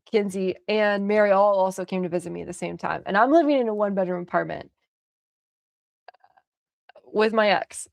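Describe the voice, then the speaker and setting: A young woman streamer rambling through a story with an easy, gravelly fry. She laughs often and swears casually. Her voice is close and dry on a desk mic. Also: medium pitch, no echo.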